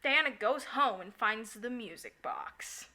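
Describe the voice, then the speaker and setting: A woman co-hosting a podcast in casual chat, recapping a musical with lots of giggling and quick acted-out lines. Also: on the high side. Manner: giggly, animated, acts out characters in quick asides. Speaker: podcast co-host.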